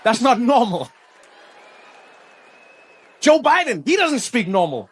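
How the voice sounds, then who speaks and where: Male stand-up comic with a very high voice, punchy delivery, hammering refrains. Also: takes it slowly, slightly rough, some chatter behind. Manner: punchy, repeated refrains, animated. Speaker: stand-up comedian. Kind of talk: stand-up comedy.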